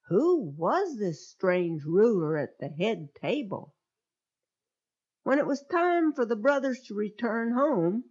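A woman narrating a children's Bible story with an expressive, exclamatory manner, ending in a gospel appeal, on a dull lo-fi recording. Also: medium pitch.

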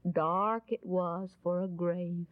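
A woman telling a Bible story in a folksy, animated, dramatic way and closing with a gospel appeal, on a dull lo-fi recording. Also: lowish voice, takes it slowly, dry recording.

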